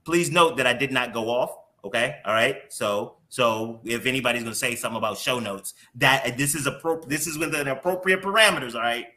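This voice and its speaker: A man's voice: medium pitch, fairly quick, hardly any pauses, pushed and bright. A man hosting a morning show interview who talks candidly and openly emotionally, with some casual swearing.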